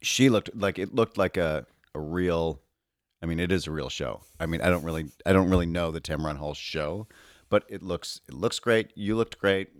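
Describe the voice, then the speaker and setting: A man's voice: deep voice, moderate pace, dry recording. A man co-hosting a podcast, chatting casually with dry, teasing asides. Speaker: podcast co-host. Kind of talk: casual chat.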